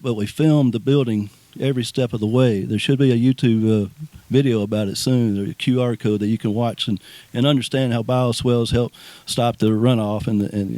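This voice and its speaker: A man's voice: medium pitch, warm tone, no room sound. A man giving a rambling, folksy speech of thanks outdoors, often repeating words and restarting. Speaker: speaker at a ribbon cutting. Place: outdoors at a nature preserve.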